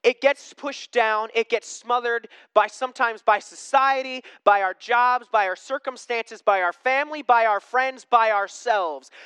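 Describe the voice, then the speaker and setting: A pastor giving a sermon in a conversational way, asking the congregation questions and swinging between emphatic preaching and hushed tones. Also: medium pitch, clear, resonant tone, no echo.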